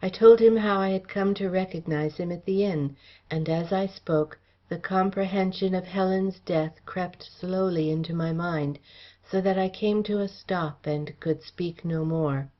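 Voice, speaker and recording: A woman narrates a classic adventure novel in a steady, formal manner. Her voice sits low for a woman, and the recording sounds dull and lo-fi. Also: measured pace. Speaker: audiobook reader.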